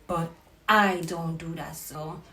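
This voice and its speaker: Animated woman telling a story, roomy sound. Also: low-pitched, slow pace. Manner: animated, profane retelling. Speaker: vlogger. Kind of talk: casual storytime. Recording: roomy with faint noise.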